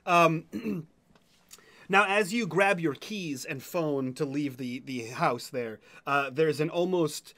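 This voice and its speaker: A man's voice: a little high, takes it slowly, sharp tone. A man narrating a tabletop role-playing game as game master, talking casually and laughing often.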